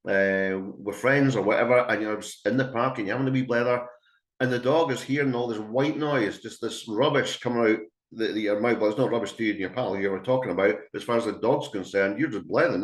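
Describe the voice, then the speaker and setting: A man's voice: medium pitch, reverberant. A Scottish man working as a dog trainer, giving a chatty, emphatic webinar talk to a live audience and acting out calls to a dog. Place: indoor room with an audience.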